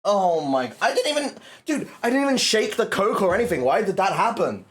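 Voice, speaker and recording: A man's voice: high-pitched, sing-song, brisk, fairly bright tone. A male livestreamer chatting casually to his viewers, exasperated and swearing a lot as he cleans up.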